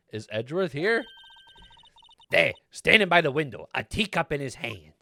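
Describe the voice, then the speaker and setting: Animated, laughing male streamer. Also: on the high side, a little slow, gravelly. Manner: rambling, laughs often, animated. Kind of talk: casual gameplay chat.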